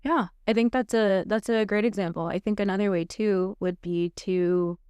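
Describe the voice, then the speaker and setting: A woman's voice: medium pitch, fairly even intonation, normal speed, darkish tone, clear, resonant tone, no echo, clean studio sound. A woman co-hosting a family counseling talk show who asks guiding questions and offers examples in a supportive, conversational way. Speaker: counselor and co-host. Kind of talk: conversational podcast discussion.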